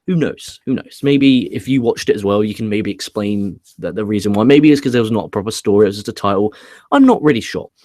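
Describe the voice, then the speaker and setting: A man's voice: on the low side, fast, dark tone, no room sound, studio quality. A man giving a casual wrestling show review, chatty, with casual swearing and frequent restarts. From England.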